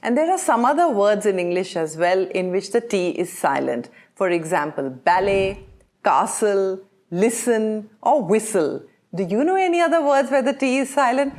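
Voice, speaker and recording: A woman teaching English pronunciation, drilling words slowly and with careful enunciation, putting questioning tones on the wrong versions. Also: medium pitch, darkish tone. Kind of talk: scripted pronunciation lesson.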